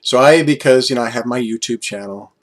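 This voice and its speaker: A man's voice: mid-range voice, fairly quick. A man of sixty-one in a casual vlog, chatty and self-deprecating, trailing off and restarting as he rambles, a little tired after a late night. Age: 60s. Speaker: YouTube vlogger.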